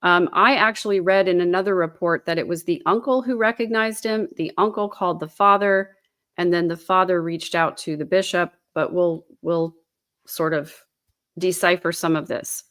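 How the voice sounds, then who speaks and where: Woman, lowish voice, chatty commentary host, reads news aloud, frequent fillers. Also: fairly even intonation, normal speed, fairly bright tone.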